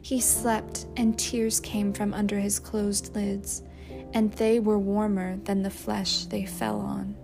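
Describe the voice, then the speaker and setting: A woman narrating a novel chapter in a measured, unhurried reading. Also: mid-range voice, level tone, creaky, music in the background. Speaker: audiobook narrator. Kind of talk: scripted storybook narration.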